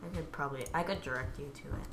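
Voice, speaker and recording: A woman chatting casually as a co-player, directing her friend and tossing in relaxed, teasing side comments. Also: sits low, very fast, background noise. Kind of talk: casual gaming chat.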